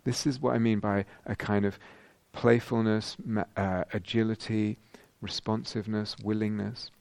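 Male meditation teacher, middle-aged, deep fry-edged voice, dry close sound, reflective dharma-talk delivery. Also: little pitch movement, moderate pace, a little mellow, no echo. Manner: reflective, searching, frequent ums and rhetorical questions.

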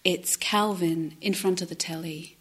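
A woman giving a reflective meditation talk, speaking softly and haltingly, often dropping to a near-whisper. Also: fairly low pitch, fairly even intonation, husky. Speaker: meditation teacher.

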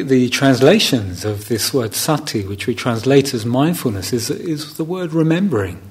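A man, a meditation teacher giving a gentle, reflective dharma talk on a retreat. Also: mid-range voice. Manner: gentle, reflective, unhurried with soft laughs.

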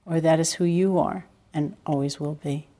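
Older woman, meditation teacher, lowish voice, calm reflective dharma talk, wry humor. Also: normal speed. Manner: calm, reflective storytelling with gentle self-deprecating humor. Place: retreat center hall.

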